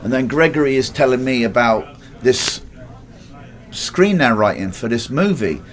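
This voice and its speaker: Animated English man spinning a yarn. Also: medium pitch, moderate pace. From England. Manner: rambling, animated, swearing, acts out other people's lines. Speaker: guest telling a life story. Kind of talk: casual anecdotal storytelling.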